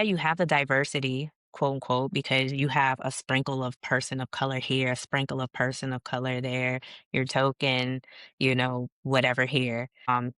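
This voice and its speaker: A woman with an extremely low, slightly bright voice speaks in clean studio sound with no echo. She's a podcast guest and the founder of a leadership organization, telling her story candidly and casually, with slang and some swearing.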